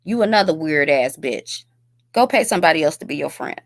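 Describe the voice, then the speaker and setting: A woman's voice: sits low, animated, brisk, no room sound. Woman ranting, profane and scornful, commentary host, dry close sound.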